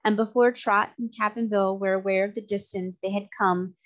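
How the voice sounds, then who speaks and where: A woman narrating a children's novel aloud in a steady, even way. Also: mid-range voice, normal speed. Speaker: storybook reader.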